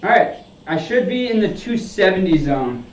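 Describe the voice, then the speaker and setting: Streaming his round from an indoor golf simulator bay, a man chats casually to himself and swears bluntly while urging his shots on. His voice sits high and sing-song at a moderate pace, captured by a distant mic in an echoey room with slight background noise.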